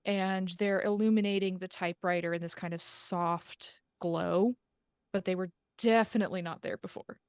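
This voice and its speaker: A woman game master narrating a tabletop horror game with measured, atmospheric storytelling. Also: on the low side, steady tone, clear, resonant tone, dry recording, clean studio sound.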